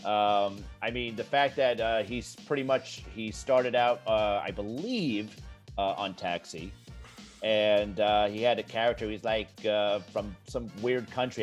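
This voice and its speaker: A man who is a comedian, guesting on a podcast; he talks in an animated, jokey way. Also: fairly low pitch, measured pace, faint music behind. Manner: animated, jokey, breaks into voices. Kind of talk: casual chat.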